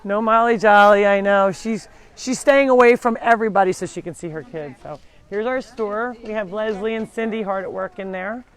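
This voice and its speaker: Brief: a chatty woman hosting a live farm tour, mid-pitch, talking to viewers and calling to her animals as she walks. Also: moderate pace. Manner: chatty, talks to the animals while touring. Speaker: animal sanctuary host. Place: farm, walking between buildings.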